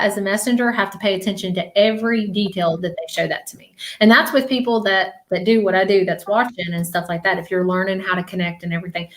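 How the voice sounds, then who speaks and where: A woman working as a psychic medium, giving a live reading in a halting way, full of fillers, restarts and repeated words. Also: medium pitch, fairly bright tone.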